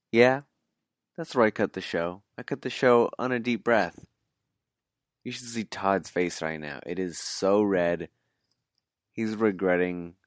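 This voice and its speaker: A podcast producer with a deep, smooth voice signs off the episode with dry, teasing remarks. The recording is close and dry. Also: male voice, no room sound. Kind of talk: casual outro address.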